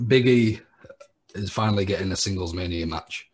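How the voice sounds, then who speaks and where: A man co-hosting a wrestling podcast, making blunt, sweary, deadpan predictions in casual chat. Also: deep voice, moderate pace, breathy edge. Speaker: podcast co-host.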